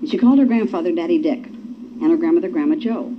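A woman's voice: lowish voice, animated, fast talker, a little hiss or hum. A woman giving a personal testimony at a recovery meeting. She tells her story in a folksy way and acts out the quotes. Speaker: speaker sharing at a recovery meeting. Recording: dull lo-fi recording.

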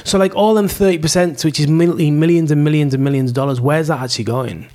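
A man's voice: on the high side, fairly even intonation, quick pace, mellow. A man in casual chat, blunt and opinionated, swearing freely.

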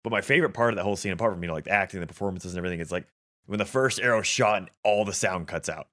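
A man with a fairly low voice talks quickly, piling one thought onto the next in an easygoing chat about movies. He sounds eager and a little rambling, with plenty of fillers between his points. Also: fairly bright tone. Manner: enthusiastic, rambling with many fillers. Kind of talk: casual film discussion.

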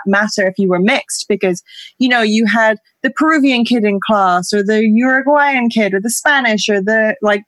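A woman's voice: medium pitch, no echo. A woman from Singapore whose accent shifts between British and American, telling stories in a reflective, casual chat and laughing often. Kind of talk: casual conversation.

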